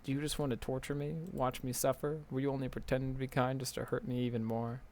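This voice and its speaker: A man's voice: medium pitch, little pitch movement, quick pace, darkish tone, slight background noise, pitched above the performer's own voice, close to an everyday voice. A man reading aloud the lines of a heartbroken teenage girl character from a game, with pleading, wounded emphasis. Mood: accusing.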